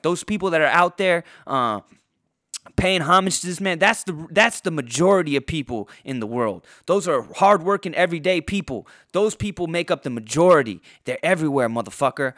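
A man's voice: high-pitched, a bit bright, dry recording, studio quality. A man hosting a podcast, ranting heatedly and swearing constantly, with a sore throat and a worn-out voice. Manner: heavily profane, heated ranting. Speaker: podcast host. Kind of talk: angry podcast rant.

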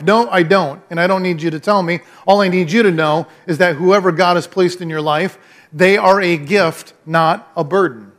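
A man with a notably high-pitched voice delivers a sermon. He speaks in a conversational, emphatic way and comes back to his main phrases again and again. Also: fairly quick, a bit bright. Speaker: pastor.

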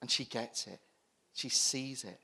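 A man with a British accent preaching a sermon, impassioned, swinging between near-shouts and hushed whispers. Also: mid-range voice, unhurried, slightly rough.

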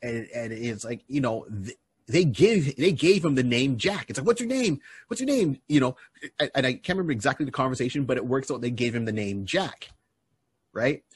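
A man co-hosting a podcast who tells stories in an animated way, with many restarts. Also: medium pitch, fairly quick, slightly rough, dry recording. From Barbados. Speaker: podcast co-host and comedian. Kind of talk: casual podcast chat.

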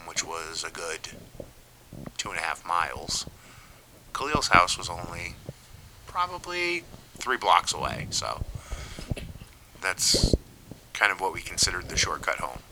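A man's voice: low-pitched, sing-song, measured pace, pauses often, noisy background. A young man in casual chat, telling his side of a story with dry, self-mocking humor. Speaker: podcast co-host.

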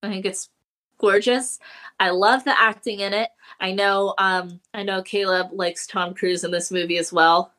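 A woman's voice: mid-range voice, steady tone, moderate pace, bright, forceful tone. A woman co-hosting a horror movie podcast, chatting casually and telling stories with gushing animation. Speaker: podcast co-host. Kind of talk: casual chat.

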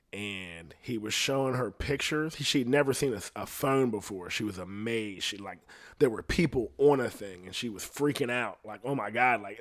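A man telling a story in a casual, rambling monologue, swearing bluntly and getting loud and high when outraged. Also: no room sound, studio quality.

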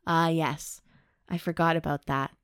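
A gentle, teasing man with a soft, understated way of speaking, as a woman reads his lines aloud. The voice sits fairly low and sounds dry and close, with no room around it. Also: fairly even intonation, measured pace, dry recording. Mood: tender. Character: gentle deep-chested man, tender and teasing. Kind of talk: reading aloud a novel's dialogue.

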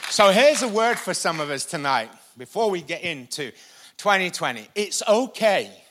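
A male pastor preaching a sermon, energetic and repetitive for emphasis. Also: high-pitched, normal speed, some chatter behind. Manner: energetic, repeats lines for emphasis, uses a helper for a live demonstration. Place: church stage before a congregation.

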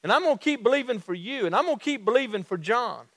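High-voiced Southern preacher, folksy and earnest. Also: male voice, lively intonation, a bit bright, dry recording, clean studio sound. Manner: folksy, repeats and restarts phrases, slows for emphasis. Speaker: pastor. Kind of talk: sermon.

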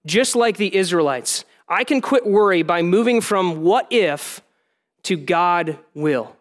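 High-voiced man preaching conversationally. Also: expressive, slow. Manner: conversational, plain-spoken preaching with relatable asides. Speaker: pastor. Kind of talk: sermon.

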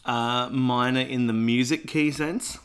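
A man's voice: mid-range voice, steady tone, clear, resonant tone. Joking male podcast co-host. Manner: jokey, quick banter with laughs. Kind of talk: casual chat.

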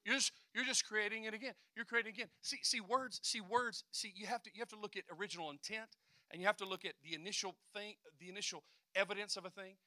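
A man preaching a sermon, swinging from quiet asides to loud declarations and acting out voices. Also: sits high, steady tone, fast talker, no echo, studio quality.

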